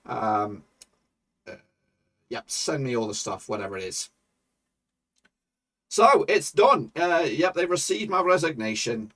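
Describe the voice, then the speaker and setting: A man hosting his own football management game channel, talking loudly and chirpily while he plays, rambling with many fillers. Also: mid-range voice, very animated, unhurried, long pauses. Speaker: gaming channel host. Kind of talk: casual game commentary.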